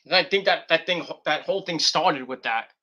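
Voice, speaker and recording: A man's voice: on the high side, brisk, bright, forceful tone, lo-fi sound. A man reviewing a wrestling show in a loose, rambling way, giggling and restarting his sentences. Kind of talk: rambling casual commentary.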